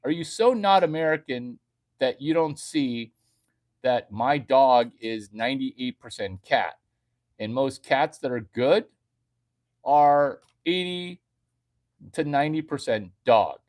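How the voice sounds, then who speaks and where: A man delivering a rambling, crude comedic rant, jumping from loud bursts to hushed baby talk. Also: mid-range voice, takes it slowly. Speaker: vlogger.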